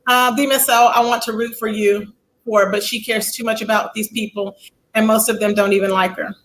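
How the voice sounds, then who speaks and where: A woman's voice: on the high side, steady tone, normal speed, a bit bright, a little hiss or hum, low-quality recording. A woman hosting a casual livestream, chatting in a sassy, talkative way and reading out viewers' chat comments. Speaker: livestream host.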